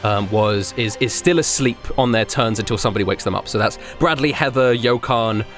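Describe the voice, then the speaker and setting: A man's voice: lowish voice, brisk, faint music behind. A man narrating as game master, rambling with many fillers. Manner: rambling, filler-heavy, animated.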